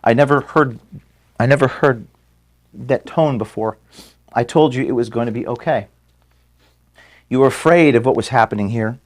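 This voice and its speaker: A man close to tears gives his staff a stumbling farewell from an office, repeating words and saying sorry for his emotion. His pitch is medium.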